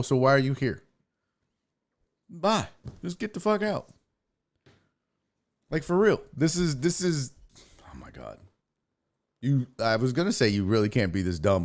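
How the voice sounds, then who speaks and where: A man hosting his own show, telling a story in a profane, ranting casual style. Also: on the high side. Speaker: sports show host.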